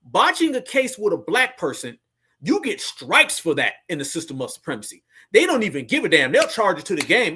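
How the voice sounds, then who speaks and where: Guy ranting commentary style, bright sharp voice, keeps calling everyone fam. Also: high voice, huge pitch swings, fairly quick, breathy edge. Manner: fiery, preachy, addresses listeners as family. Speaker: commentary channel host. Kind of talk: reaction commentary.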